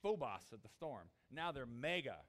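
A man's voice: mid-range voice, sing-song, normal speed, fairly bright tone. A man preaching a sermon, acting out the disciples' pleas in a raised voice. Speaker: pastor.

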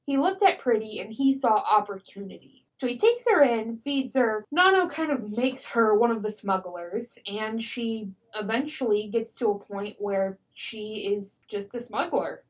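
A woman tells tabletop game stories in a casual podcast chat, animated and quick to laugh. Her voice sits a bit high, and she keeps slipping into character voices mid-story. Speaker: podcast guest.

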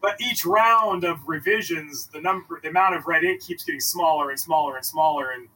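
A man chatting on a podcast, telling animated stories and acting out quoted exchanges. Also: a little high, a little fast. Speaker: podcast guest, reptile book author. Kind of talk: casual podcast chat. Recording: distant mic with faint background noise.

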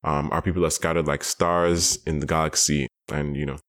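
Man, very low voice, casual podcast chat, rambling, thoughtful. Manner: thoughtful, rambling, quick bursts of excitement. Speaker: podcast co-host.

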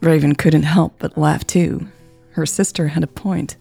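A woman host reading a romance story aloud in a calm, measured way. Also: low voice, gravelly, husky. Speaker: podcast storyteller. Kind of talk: story narration. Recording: faint music behind.

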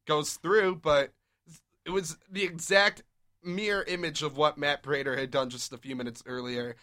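A young man hosts a casual sports talk show, steering the chat with quick, upbeat recaps of the game. His voice is forceful and bright, sitting a touch high for a man. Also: steady tone. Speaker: podcast host.

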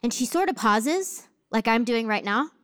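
High-voiced woman preaching with humor. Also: normal speed, smooth. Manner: humorous, animated storyteller. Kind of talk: sermon with personal storytelling.

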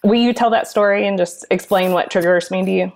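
A woman's voice: mid-range voice, fairly even intonation, fairly quick. A woman hosting a podcast, asking her guest questions in a loose conversational way. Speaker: podcast host.

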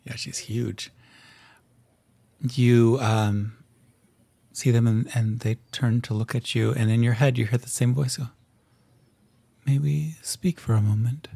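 A man narrating a tabletop game as game master, describing scenes in detail with frequent pauses and ums. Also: medium pitch, flat delivery, vocal fry, mellow, dry recording.

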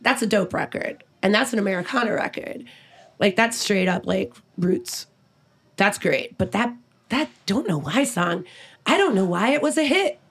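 A woman's voice: mid-range voice, animated, normal speed, a little hiss or hum. A middle-aged woman musician speaking as an interview guest, blunt and profane, laughing often. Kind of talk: casual interview chat.

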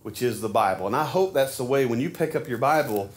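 A man's voice: mid-range voice, lively intonation, a little fast. A man, preaching a sermon to his church in a folksy, conversational way with frequent restarts. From Arkansas. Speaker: pastor. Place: church sanctuary.

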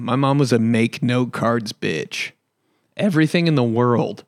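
A young man from Indiana rambles through crude, profane stories as a solo podcast host. His voice sits at an ordinary middle pitch. It is recorded close on a podcast mic with a dry, dead sound. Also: normal speed, no echo. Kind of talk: casual solo podcast chat.

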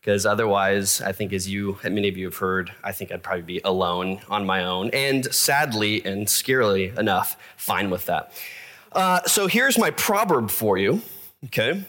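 Bright-voiced male pastor, casual sermon. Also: fairly low pitch, expressive, moderate pace. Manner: casual, self-deprecating, with fillers and asides.

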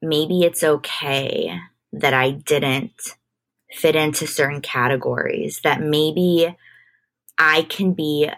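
A woman's voice: deep voice, fairly even intonation, slow pace, fairly bright tone. A woman guest on a podcast, an entertainment manager, speaking candidly and thoughtfully with frequent restarts. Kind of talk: casual conversational interview.

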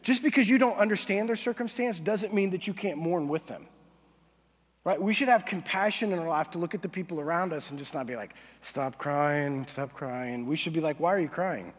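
Conversational pastor in a reverberant hall. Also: male voice, high-pitched, fairly quick, breathy edge. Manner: animated, conversational, acts out quoted voices. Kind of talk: sermon.

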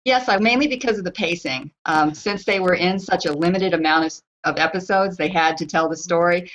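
A woman giving measured, thoughtful opinions in a casual group podcast chat. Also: on the low side. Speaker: podcast panelist. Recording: lo-fi with faint noise.

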